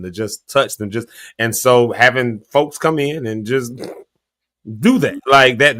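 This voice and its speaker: Bright-voiced laughing male co-host. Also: medium pitch. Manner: laughing, teasing, animated storyteller. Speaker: co-host of a morning talk show. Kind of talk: casual chat.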